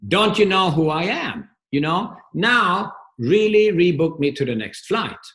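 A man voicing a rude, entitled male airline passenger who shouts his demands. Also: high-pitched, animated, a little slow, echoey room, pitched above the performer's own voice. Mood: indignant.

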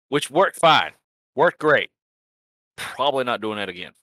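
Bright-voiced, profane guy rambling. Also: mid-range voice, big pitch swings, a little slow, pauses often, no room sound. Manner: rambling, profane, laughs at himself. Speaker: sim racing league organizer and podcast host. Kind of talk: casual profane recap chat.

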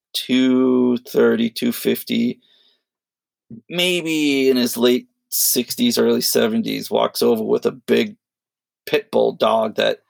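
A man co-hosting a podcast, telling a long story in a rambling, animated way, full of fillers and quoted voices. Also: mid-range voice, creaky, no echo. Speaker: podcast co-host. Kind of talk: casual storytelling chat.

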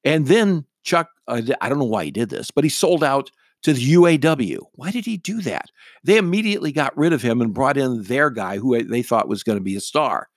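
A man's voice: mid-range voice, lively intonation, fairly quick, no room sound, clean studio sound. A middle-aged man, a radio talk show host, telling a story casually in a blunt, wry and irreverent way.

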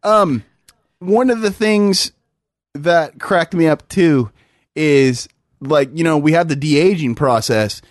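A man's voice: fairly high pitch, no echo, studio quality. A man chatting casually as a podcast co-host, enthusiastic and swearing freely. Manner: enthusiastic, profane, drawn-out phrasing. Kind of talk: casual chat.

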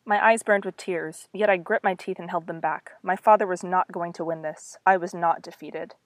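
Young woman, low-ish voice, reads her old novel with wry side comments, dry close sound. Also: steady tone, moderate pace, no room sound. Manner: wry, self-mocking asides. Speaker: author reading her old story. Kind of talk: reading aloud with casual commentary.

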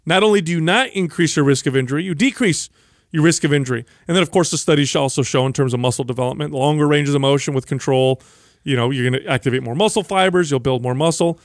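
A man's voice: on the high side, fast talker, dry recording, studio quality. A man co-hosting a casual fitness podcast, explaining emphatically and correcting misconceptions. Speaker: podcast co-host.

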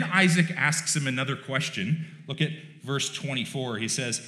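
Dude preaching casual and wry, mid-pitch voice, big echoey room. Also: male voice, normal speed, hardly any pauses, pushed and bright. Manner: conversational and wry, with joking asides. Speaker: pastor. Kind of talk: sermon. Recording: roomy church echo.

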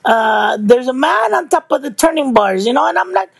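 Gravelly middle-aged woman telling stories. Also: high voice, moderate pace, no echo. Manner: lively, laughing, swears freely. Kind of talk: casual storytelling.

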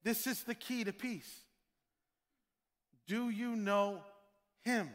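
A man's voice: sits high, fairly even intonation, slow. A male pastor preaching a sermon in a church, emphatic and repetitive, full of rhetorical questions. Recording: long reverb of a large hall.

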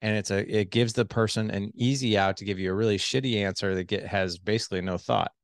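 A fast-talking man with a fairly low pitch gives podcast advice as a middle-aged relationship coach. He's animated as he explains communication skills, performing voices for his wife and himself. The studio sound is clean, with no room sound.

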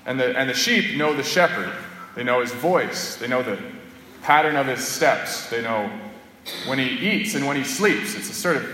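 Bright-voiced priest in an echoey church. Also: male voice, mid-range voice, lively intonation, moderate pace, slight background noise. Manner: conversational, storytelling delivery. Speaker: Catholic priest. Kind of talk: homily. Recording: echoey church with long reverb.

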